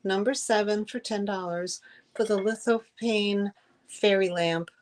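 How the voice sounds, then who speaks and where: A middle-aged woman hosts a live-stream sale and talks to her viewers in a slow, unhurried way. She is effusive and chatty, and her talk is full of fillers and restarts. Her voice sits at an ordinary middle pitch. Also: fairly even intonation. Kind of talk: live-stream selling chat.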